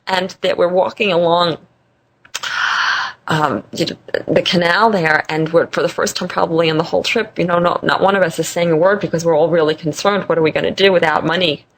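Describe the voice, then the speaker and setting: A woman guest in an interview, telling a personal story in an animated way, laughing often and repeating phrases for emphasis. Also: on the low side, fairly quick. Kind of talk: conversational storytelling.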